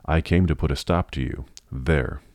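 A man's voice: very deep voice, moderate pace, gravelly, darkish tone, no echo. A man reading the lines of a haughty, commanding witch with a musical, scornful voice in a storybook. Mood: menacing. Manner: scornful, cutting.

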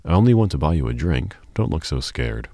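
A man's voice: a bass voice, very animated, fairly quick, mellow, no room sound, clean studio sound, heavily acted. A man reading an audiobook, voicing a dashing young man in his twenties with a breezy, laughing, condescending manner. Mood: patronizing.

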